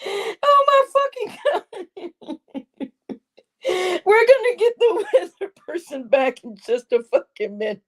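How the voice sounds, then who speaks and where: A woman's voice: extremely high pitch, big pitch swings, takes it slowly, long pauses. A woman hosting a casual livestream, constantly breaking into laughing fits and swearing freely. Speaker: livestream host.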